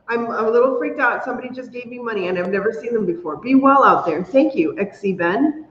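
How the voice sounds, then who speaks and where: A woman hosting a casual crafting livestream, chatty and excitable, squealing when she is delighted. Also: a little high, fast, few pauses. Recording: roomy, dull lo-fi sound with faint hum.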